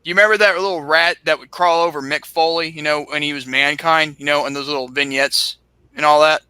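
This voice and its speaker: A young man co-hosts a podcast, telling a long story casually on a laptop mic in a dry recording. His voice sits on the high side, steady, fairly quick, bright, forceful, clear, and resonant. He rambles, leans heavily on fillers, and restarts often.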